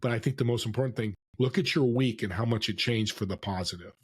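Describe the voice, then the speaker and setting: A man telling stories as a podcast guest, lively and acting out the voices of people he quotes. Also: mid-range voice, fast, slightly rough. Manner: animated storyteller, acts out quoted voices. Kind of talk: storytelling interview. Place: California.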